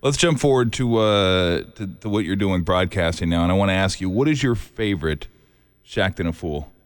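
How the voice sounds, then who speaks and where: A man's voice: deep voice, lively intonation, moderate pace, clean tone. A man hosting a sports talk show, interviewing a guest in an upbeat, joking way. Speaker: radio sports show host. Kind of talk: casual interview.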